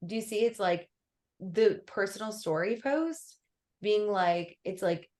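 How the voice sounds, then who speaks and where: A woman's voice: mid-range voice, unhurried, a little mellow. A young woman coaching a client on a call, chatty and full of fillers. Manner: chatty, filler-heavy, lots of "like". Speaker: business coach.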